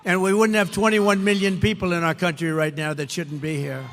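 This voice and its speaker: Older male rally speaker, high and bright, booming through a long hall reverb with faint crowd hum. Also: little pitch movement, brisk. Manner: repetitive, emphatic, rising to shouted lines. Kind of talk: campaign rally speech. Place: large indoor rally venue.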